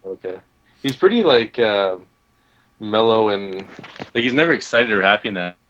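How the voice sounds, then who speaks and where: A man's voice: fairly low pitch, expressive, normal speed, fairly bright tone. A man co-hosting a podcast in casual chat, remote on a phone app, speaking in short interjections and brief questions. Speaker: podcast co-host. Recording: dull lo-fi line from a phone app.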